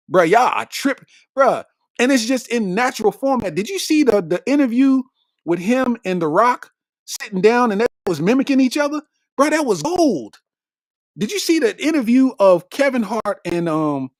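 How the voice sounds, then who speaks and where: High, lively-voiced male comedian. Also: dry recording, clean studio sound. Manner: animated, slangy, laughs at his own jokes. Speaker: comedian podcast host. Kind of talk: comedic monologue.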